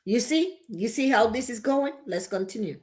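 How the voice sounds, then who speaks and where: A sassy woman reacting to a story in casual commentary, talking emphatically and breaking into laughs. Her voice sits a little high for a woman. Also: animated, moderate pace. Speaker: reaction video host.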